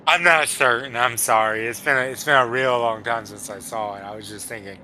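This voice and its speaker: Male co-commentator with a bright, forward tone and a meandering delivery. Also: medium pitch, steady tone, fairly quick, hardly any pauses, a little hiss or hum, rough recording. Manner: meandering, trails off and restarts thoughts. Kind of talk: casual chat.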